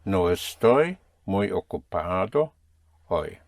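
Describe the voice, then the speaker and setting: A man's voice: low voice, big pitch swings, slow pace, no room sound. A man teaching a spoken language lesson, patiently drilling and correcting his students.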